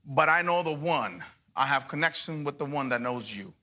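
A man's voice: fairly high pitch, animated, normal speed, pushed and bright. A middle-aged man preaching a revival sermon as a guest pastor, joking with the congregation and calling for responses. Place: church service before a congregation.

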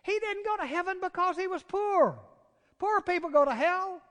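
Southern preacher guy, really high voice, goes quiet then loud, big echoey church. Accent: Southern American. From Southern United States. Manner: swings from hushed, drawn-out words to loud, urgent exclamations. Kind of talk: sermon. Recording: long reverb of a large hall.

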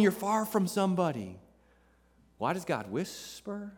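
A man's voice: high voice, big pitch swings, a little slow, darkish tone. A man preaching a sermon as pastor, emphatic, repeating key phrases for effect. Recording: long reverb of a large hall.

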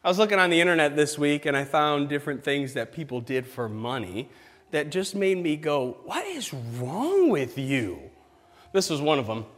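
A man preaching a casual sermon, playful and animated, with exaggerated reactions. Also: fairly high pitch, brisk, in a large hall. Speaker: pastor.

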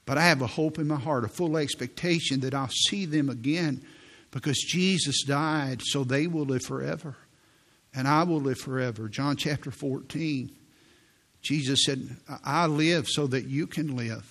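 A man preaching a sermon in a slow, deliberate way, reading scripture aloud and explaining it. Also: mid-range voice, a bit bright. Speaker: pastor.

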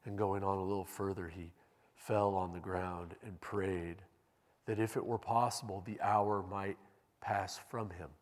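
A man preaching a sermon as pastor, speaking in a measured, deliberate way and reading scripture aloud in a church sanctuary. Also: deep voice, steady tone. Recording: long reverb in a large hall.

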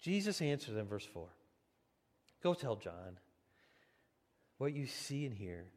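A man preaching a sermon as pastor, in an animated, conversational way with frequent restarts. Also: medium pitch, slow pace. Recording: long hall reverb.

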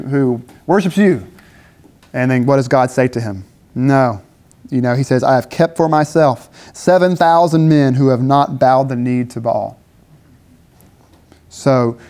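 A man's voice: medium pitch, darkish tone. A man preaching a conversational sermon at a campus dinner gathering, asking rhetorical questions and briefly acting out biblical speakers.

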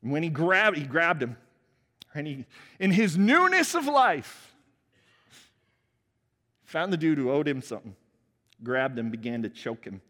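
Pastor guy preaching, kinda high voice, chatty and jokey, big echoey church hall. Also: measured pace, pauses often. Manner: animated, laughing, conversational preaching. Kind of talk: sermon. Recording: long hall reverb.

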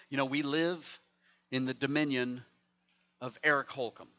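A man's voice: medium pitch, steady tone, slow pace, gravelly, fairly bright tone, dull audio. A man preaching a sermon as pastor, conversational and joking with the congregation.

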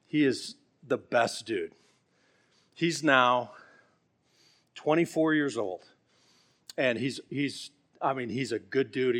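A middle-aged man preaching a sermon, earnest and pleading, telling stories along the way. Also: mid-range voice. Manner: earnest and pleading, with storytelling asides.

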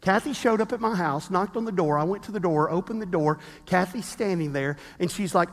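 A pastor in his fifties preaching a sermon with animated storytelling, acting out the quotes he tells. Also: high-pitched, fairly quick, hardly any pauses, big-room sound.

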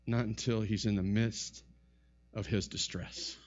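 A man preaching a sermon in an animated style, his voice rising and falling sharply. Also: on the low side, unhurried, lo-fi sound. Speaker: pastor.

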